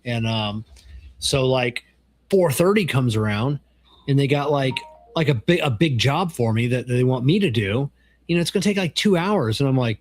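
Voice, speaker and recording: A middle-aged man in loose podcast conversation, his voice at an ordinary middle pitch. He tells stories with animation, acting out the lines of others, and swears freely. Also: moderate pace. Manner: animated storyteller, acts out quoted dialogue, swears freely. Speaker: podcast co-host. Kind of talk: casual chat.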